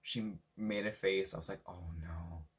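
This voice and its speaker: A young man from Washington State telling a story in a casual, animated way, swearing freely and acting out what people said. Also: low voice, unhurried, slightly rough. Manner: animated, swears a lot, acts out quotes. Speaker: vlogger.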